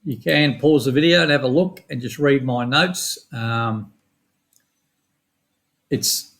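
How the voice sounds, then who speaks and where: Gravelly Australian man talking through trades. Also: medium pitch, fairly bright tone. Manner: quick, casual, matter-of-fact with slang. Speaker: forex trading educator. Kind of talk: screen-share chart walkthrough.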